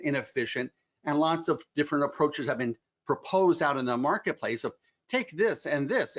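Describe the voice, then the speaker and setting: A man in his fifties giving a clinical lecture over slides, explaining things keenly with folksy asides. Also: mid-range voice. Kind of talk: medical presentation with slides. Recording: slightly dull lo-fi sound.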